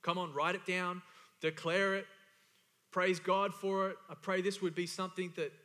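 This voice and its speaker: Male pastor, high ringing voice, emphatic, repetitive sermon delivery, reverberant church hall. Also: level tone, normal speed, bright, forceful tone. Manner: emphatic, repeats key phrases for stress.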